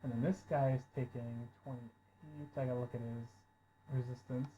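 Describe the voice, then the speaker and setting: A man running a tabletop role-playing game as game master, calling rolls and narrating the action, who gets loud and swears when surprised. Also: medium pitch, steady tone, normal speed, a little hiss or hum. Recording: dull lo-fi audio.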